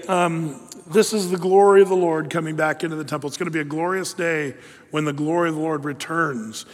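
High-voiced pastor in a reverberant hall. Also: male voice. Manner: conversational, with fillers and asides. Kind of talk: sermon.

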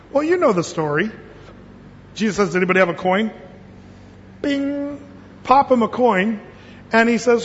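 A man preaching in a high, bright register, telling stories and acting out voices with folksy humor. The recording sounds a little muffled, and a long echo from the sanctuary trails his words. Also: slight background noise. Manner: folksy storytelling with jokes and quoted voices. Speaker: pastor. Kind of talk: sermon.

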